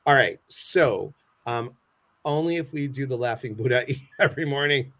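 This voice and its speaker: A man's voice: mid-range voice, normal speed, fairly bright tone. An American man hosting a casual live chat, playful and talkative, reading viewer comments aloud to his guest. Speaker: host.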